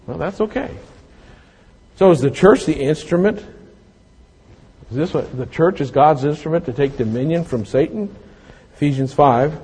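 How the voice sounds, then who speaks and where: Mężczyzna po pięćdziesiątce, kazanie w pogłosie hali. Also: male voice, a little high, lively intonation, unhurried, pauses often, a little mellow, breathy edge. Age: 50s. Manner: folksy, self-mocking storytelling with scripture reading. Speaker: pastor. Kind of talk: sermon. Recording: long hall reverb.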